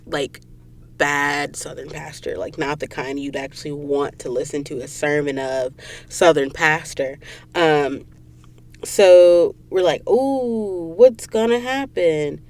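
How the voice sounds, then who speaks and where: A woman from Georgia hosting a podcast, retelling a novel's plot in an animated, gushing way with quick asides to listeners. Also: sits low. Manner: animated, gushing storyteller, slips into whispers and asides. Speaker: podcast host. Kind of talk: casual book recap. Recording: dry close recording booth.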